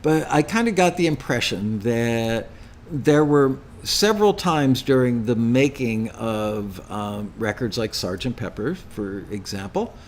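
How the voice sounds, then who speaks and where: A man's voice: medium pitch, expressive, measured pace, a little hiss or hum. An older man hosting a live question-and-answer show, answering chat questions with rambling, anecdotal stories. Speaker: host.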